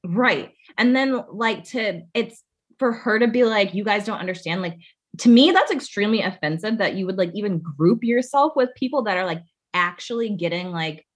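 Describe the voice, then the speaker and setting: A woman's voice: mid-range voice, lively intonation, moderate pace. A woman co-hosting a casual chat, talking indignantly with lots of fillers and swearing. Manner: indignant, profane, filler-heavy talk.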